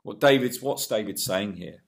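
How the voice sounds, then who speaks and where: A man preaching a sermon with an earnest delivery, rising to loud emphasis and dropping to hushed lines. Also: lowish voice, moderate pace.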